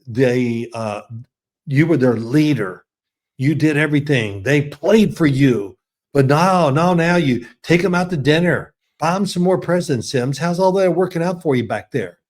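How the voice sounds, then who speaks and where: A man imitating a gruff, taunting older male football coach who needles his player. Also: fairly high pitch, lively intonation, a little slow, a little mellow. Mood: lecturing. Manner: needling, mocking.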